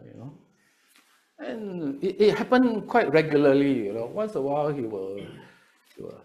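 Chatty Singaporean pastor, fairly high voice. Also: male voice, normal speed. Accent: Singaporean English. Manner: lively, chatty, repeats words, jokes with the crowd. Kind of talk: sermon to seminary students.

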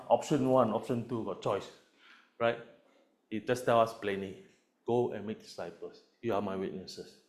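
Guy pastor preaching to his congregation, mid-pitched voice, keeps tossing in "right?" and "huh?", goes loud then drops soft. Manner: emphatic, peppers lines with "right?" and "huh?" tag questions; swings between loud stresses and soft asides.

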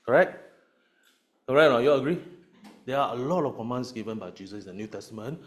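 A male pastor delivers a sermon in an ordinary mid-range voice. He punches key words loudly and then drops to quiet asides, tagging nearly every thought with "right?" or "huh?" to keep his congregation with him. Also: medium pitch, lively intonation, fast. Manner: emphatic, peppers lines with "right?" and "huh?" tag questions; swings between loud stresses and soft asides.

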